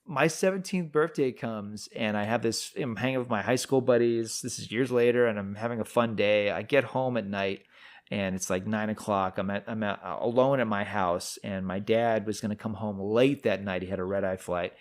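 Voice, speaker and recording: A man in his forties co-hosting a film podcast, talking in a casual chat and telling stories with animated energy and frequent restarts. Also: lowish voice, moderate pace. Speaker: podcast co-host.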